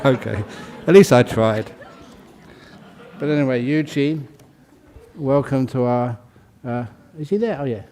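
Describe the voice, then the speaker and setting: A Buddhist monk leading a ceremony, calling out names in a casual, joking way and laughing between them. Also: male voice, mid-range voice, measured pace, a little mellow. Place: large hall.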